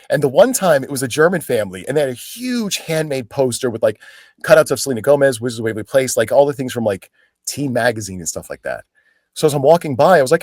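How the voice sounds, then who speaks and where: A man's voice: medium pitch, no room sound, studio quality. A middle-aged man, an actor and guest, telling casual stories and acting out the voices of the people in them. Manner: animated, acts out voices of people in his stories. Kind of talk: casual anecdotal storytelling.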